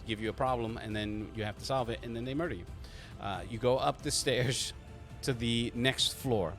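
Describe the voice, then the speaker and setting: A man narrating a tabletop game as game master, halting and restarting, with quick voiced asides. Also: medium pitch, a bit bright, faint music behind.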